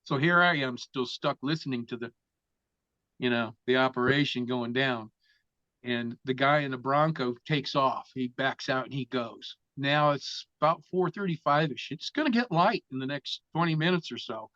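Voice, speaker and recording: A man's voice: mid-range voice, moderate pace, sharp tone, no echo. A man telling a story as an interview guest, casual and full of swearing. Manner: profane, vivid storyteller. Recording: dull, dry lo-fi sound.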